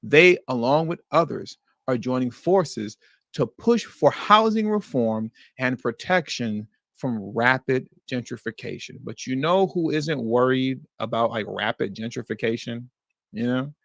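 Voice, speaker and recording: A man hosting a livestream, reacting to news clips with animated, indignant commentary that slips into slang. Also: medium pitch, measured pace, gravelly, no echo, studio quality. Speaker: livestream host.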